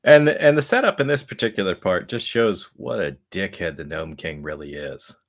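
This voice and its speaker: Low-voiced laid-back man on a podcast. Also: expressive, normal speed. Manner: laid-back, agreeable, chimes in. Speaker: podcast co-host. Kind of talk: casual movie review chat.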